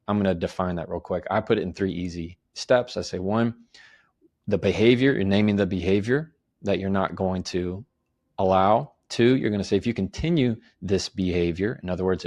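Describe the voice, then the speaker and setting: A low, gravelly male voice explains advice on handling conflict, laying it out in calm, orderly steps. He speaks evenly, offering example phrases as he goes. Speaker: guest, attorney and communication author. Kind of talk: podcast interview, explaining advice.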